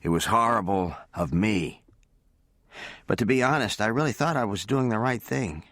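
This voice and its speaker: A man voicing a shy, earnest young sheriff in love who speaks softly for an audiobook. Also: on the low side, expressive, dry recording, studio quality. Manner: soft, earnest and halting.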